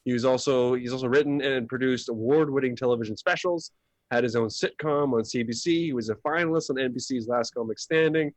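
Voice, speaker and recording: A Canadian man introduces the next act in a dry, close-sounding recording, his pitch and tone sitting in the middle. He lists the performer's credits with an upbeat, admiring energy. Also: a little fast, no echo. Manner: giggly, then hyping up the next act. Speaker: comedy show host. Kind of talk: live stream hosting.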